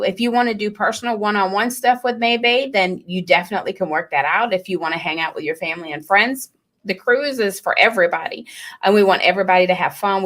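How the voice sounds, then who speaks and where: Scottish-born woman, lively co-host chat. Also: on the low side. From Scotland. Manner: lively, laughing storyteller. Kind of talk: casual chat.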